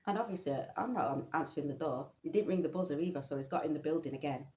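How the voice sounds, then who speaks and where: A woman telling a personal story in an animated, incredulous way, often laughing. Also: low-pitched, quick pace. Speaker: vlogger. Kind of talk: storytelling monologue. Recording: roomy echo.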